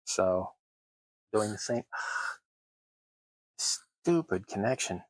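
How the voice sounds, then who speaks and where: A man's voice: fairly low pitch, expressive, very slow, dry recording, poor audio. A man hosting a crafting livestream, chatting casually while he works, with wry, self-deprecating asides. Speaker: terrain crafting livestream host.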